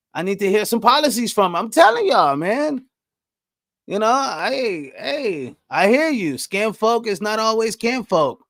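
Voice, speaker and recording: A man ranting on his podcast, fiery and profane, his voice swinging widely from low mutters to sharp high outbursts. He sits slightly high for a man. The sound is close and dry, with no room around it. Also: no echo. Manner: profane, fired-up, rhetorical questions; frequent "right?" and "you know what I mean?". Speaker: podcast host. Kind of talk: heated monologue rant.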